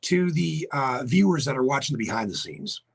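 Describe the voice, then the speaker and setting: Newfoundland male radio host, laryngitis-raspy and husky, greeting viewers on a casual live stream. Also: medium pitch, lively intonation, normal speed. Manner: chatty, greets viewers by name. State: hoarse from laryngitis. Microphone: webcam setup for live video.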